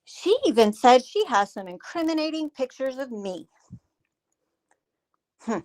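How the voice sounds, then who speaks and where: A woman's voice: high-pitched, animated, a little slow, a little mellow, poor audio. A woman hosting a commentary livestream, speaking with sarcastic, mocking scorn aimed directly at a rival. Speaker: livestream host. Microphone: streaming mic.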